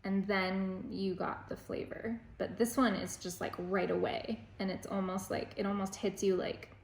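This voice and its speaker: A young woman chatting casually as a travel companion, relaxed and a bit hesitant, searching for words. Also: mid-range voice, normal speed, roomy sound. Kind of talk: casual chat.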